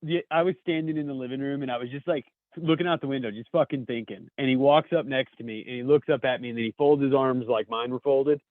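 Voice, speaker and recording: A man's voice: mid-range voice, fast talker, few pauses, dry recording, phone-quality sound. A man co-hosting a casual comedy podcast, telling stories in a blunt, profane way. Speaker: podcast co-host.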